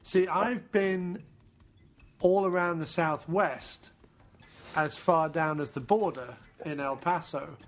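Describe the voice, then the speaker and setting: A man's voice: fairly high pitch, takes it slowly. A man from England, co-hosting a joking film commentary. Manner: joking, chatty, does silly voices. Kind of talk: casual jokey commentary.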